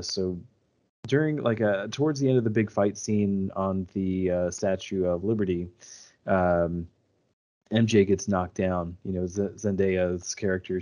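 A man's voice: sits low, a little mellow. A young man co-hosting a casual chat, retelling scenes with lots of fillers and restarts. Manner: rambling, many fillers and restarts.

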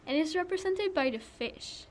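A woman's voice: extremely high pitch, lively intonation, moderate pace, a little hiss or hum. A young woman co-hosting a casual podcast, giggly, often losing her place as she reads out lists. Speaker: podcast co-host. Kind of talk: casual chat.

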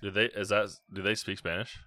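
A man's voice: on the low side, little pitch movement, bright, forceful tone. A young man co-hosting a podcast in casual chat, reacting in disbelief and teasing his co-host. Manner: teasing, incredulous, quick reactions.

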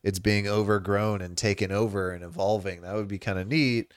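Laid-back low-voiced man co-hosting. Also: fairly even intonation, brisk, clear, resonant tone, dry recording, clean studio sound. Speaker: gaming news show co-host. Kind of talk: casual gaming news chat.

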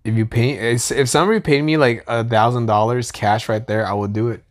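A man's voice: medium pitch, fairly even intonation, brisk. Male podcast co-host, casual, crude humor, lots of swearing. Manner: crude, joking, swears a lot. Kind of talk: casual chat.

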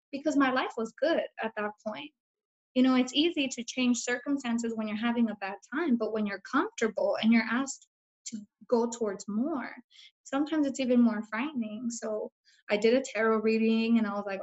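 A woman's voice: on the high side, moderate pace. A woman guest telling a personal story in an earnest, reflective way, full of casual fillers. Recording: dull lo-fi recording.

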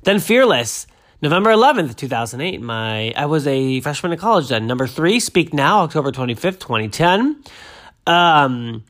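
Male host, 30s, casual, slightly high pitch, rambling, excitable. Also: moderate pace. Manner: rambling, excitable, self-interrupting. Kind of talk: casual chat about music.

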